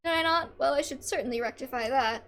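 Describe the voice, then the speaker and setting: Woman doing a regal mom who's way too proud of her kid, highish voice. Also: quick pace, fairly bright tone. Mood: indulgent. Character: proud ruthless noble mother.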